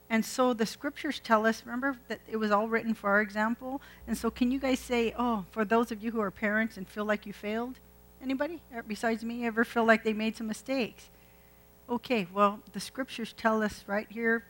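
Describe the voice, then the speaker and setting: A woman's voice: a little high, poor audio. A woman preaching a sermon, retelling a scripture story in a chatty way and putting questions to the congregation. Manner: conversational, asks the congregation questions.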